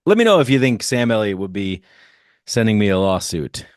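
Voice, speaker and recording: Brief: low-voiced male host, casual and joking, dry close-mic sound. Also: sing-song, a little fast, dry recording. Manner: jokey, self-deprecating and rambling. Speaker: podcast host. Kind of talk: casual solo podcast intro. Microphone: close podcast microphone.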